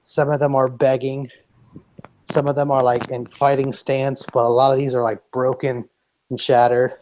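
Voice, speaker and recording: A man's voice: mid-range voice, level tone, a little mellow, rough recording. Man narrating as game master. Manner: descriptive, halting with restarts. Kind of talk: narrating a tabletop game over a podcast.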